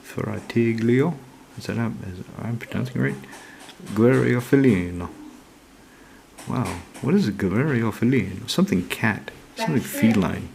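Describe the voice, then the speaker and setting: Low gravelly man chatting over noise. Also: animated, brisk. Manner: rambling, thinks aloud, swears casually. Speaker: channel host opening card mail. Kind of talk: casual unboxing chat. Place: home. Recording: noisy room with running water.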